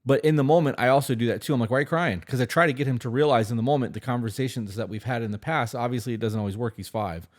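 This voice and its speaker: A man co-hosting a casual advice podcast, blunt and emphatic, with frequent swearing. His voice sits at an ordinary middle pitch for a man. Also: rapid-fire, hardly any pauses. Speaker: podcast co-host.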